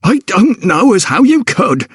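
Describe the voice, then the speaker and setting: A man's voice: high-pitched, big pitch swings, a little slow, husky, no room sound, studio quality, pitched above the performer's own voice, heavily acted. A man doing a huffy, scolding old cook.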